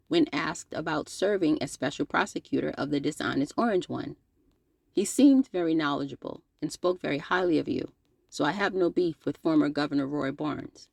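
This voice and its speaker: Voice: mid-range voice, moderate pace, creaky, no room sound. A channel host reading a scripted open-letter commentary, sarcastic and scolding, with playful slang and direct address.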